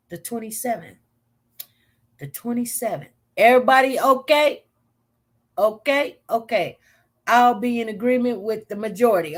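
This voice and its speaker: Chatty woman hosting a live stream. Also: on the high side. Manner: chatty, emphatic storytelling with acted-out quotes. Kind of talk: casual live stream chat with viewers.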